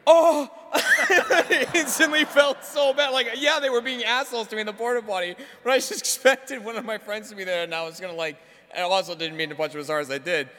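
Bright-voiced man telling a story. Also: sits high, fast, big-room sound. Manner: animated, laughing storyteller. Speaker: podcast co-host. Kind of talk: casual storytelling chat.

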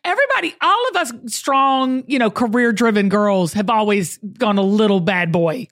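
A woman with a Southern US accent hosting an interview, firing off quick questions with bubbly, exclamatory interjections. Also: on the high side, animated, a bit bright, no echo, studio quality. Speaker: podcast host. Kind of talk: rapid-fire interview questions.

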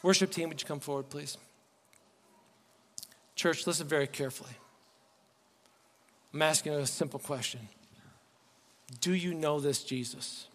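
A man's voice: fairly high pitch, a little slow, pauses often. A man preaching a sermon as pastor, earnest and pleading, often restarting his words. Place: church sanctuary. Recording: long reverb, faint music behind.

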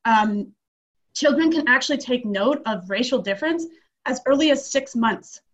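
A woman's voice: fairly high pitch, lively intonation, moderate pace. A young woman on a video call, speaking hesitantly with many fillers. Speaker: panelist. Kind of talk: casual video call chat. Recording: dull lo-fi video call audio.

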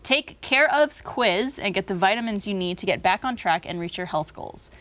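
A woman's voice: medium pitch, animated, normal speed, a bit bright. A young woman hosting a casual podcast chat, upbeat and giggly, sliding into sponsor reads. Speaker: podcast host.

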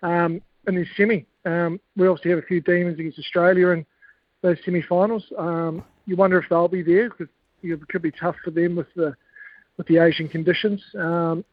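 A man's voice: sits high, no echo, phone-quality sound. A man with a New Zealand accent, a former cricketer as guest, chatting in a laid-back storytelling way and laughing often. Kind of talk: casual podcast chat.

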